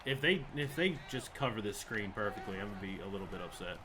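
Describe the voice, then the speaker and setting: A man's voice: fairly low pitch, expressive, fast, background noise. A young man giving live commentary over a football video game, frustrated and swearing as he rants about the plays. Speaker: gaming channel host.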